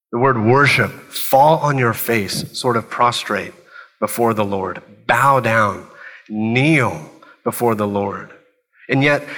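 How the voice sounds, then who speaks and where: A man's voice: mid-range voice, fairly bright tone, big-room sound, poor audio. A man preaching a sermon in a church, earnest and building his points with short repeated phrases. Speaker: pastor.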